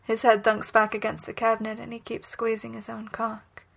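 A woman reading a romantic story aloud in whispered role-play, soft, breathy and unhurried. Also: on the high side, completely flat delivery. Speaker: reader.

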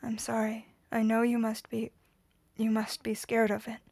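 A woman reading the lines of a gentle, shaken man comforting a frightened friend, in a hushed near-whisper. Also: fairly high pitch, monotone, moderate pace, creaky, no echo.

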